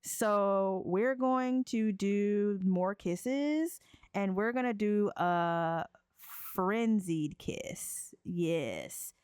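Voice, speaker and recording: A woman narrating a life-sim game let's play in a slangy, playful, animated way. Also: medium pitch, drawn-out words, clear, resonant tone, dry recording, studio quality.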